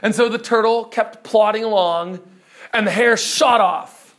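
A man's voice: sits high, measured pace, a bit bright. A man preaching a teaching sermon who speaks emphatically and keeps putting questions to his listeners.

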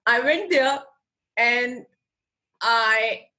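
A woman's voice: a little high, very slow, pushed and bright. A woman guest in an interview telling an emotional personal story, acting out her own past words and often laughing.

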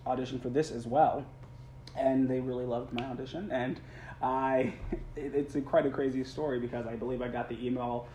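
In a casual interview, a young stage actor chats earnestly, rambling a bit with restarts and small laughs. His mid-range voice is warm and steady at a moderate pace, and the recording is roomy with faint background noise.

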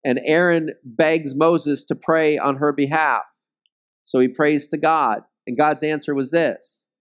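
A man's voice: fairly high pitch, fairly even intonation, unhurried. Man teaching a Bible study. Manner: conversational, checks in with "okay?".

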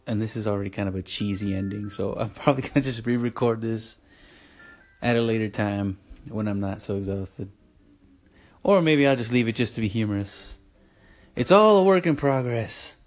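A man wraps up his solo podcast episode in a casual, rambling outro, chuckling often and making self-deprecating asides. His voice is lowish and a little mellow, his pace brisk, with soft background music.

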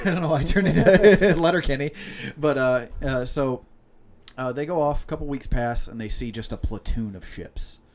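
A man's voice: medium pitch, normal speed, darkish tone. A young man telling long-winded jokes in casual chat, laughing often and restarting lines as he goes. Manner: laughs a lot, rambling storyteller with restarts.

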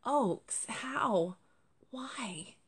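A woman's voice: a little high, animated, drawn-out words, breathy edge, pitched above the performer's own voice, heavily acted. A woman voicing an injured, weary male fox who carries the mail, speaking with strain in a storybook reading. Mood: weak, strained.

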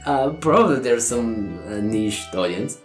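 A man's voice: medium pitch, animated, a little slow. A man co-hosting a casual podcast, joking around and swearing, often breaking into laughter. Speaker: podcast co-host. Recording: echoey room with music behind.

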